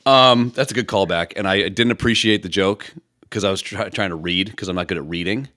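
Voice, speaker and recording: A man's voice: low voice, brisk, pushed and bright, dry recording, studio quality. A man co-hosting a podcast, joking crudely and reading out trivia questions to his friend. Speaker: podcast co-host. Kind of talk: crude comedic banter.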